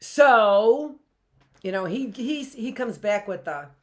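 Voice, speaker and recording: A woman's voice: a little high, animated, slow, a little mellow. A middle-aged woman teaching a live online class in a chatty way, often checking in with "right?" and rhetorical questions.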